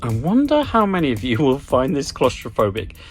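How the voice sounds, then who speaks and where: A man hosts his own travel vlog, narrating as he goes with playful, self-mocking asides and theatrical gasps. His voice sits at an ordinary middle pitch, and clear music plays under him. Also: huge pitch swings, brisk. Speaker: travel vlogger. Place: moving through stations, an airport and a small hotel cabin.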